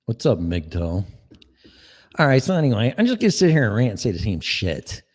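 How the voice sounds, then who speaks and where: A man's voice: on the low side, very animated, fairly quick. A man, giving a profane, sarcastic, exasperated political rant. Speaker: political commentator. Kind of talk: ranting monologue.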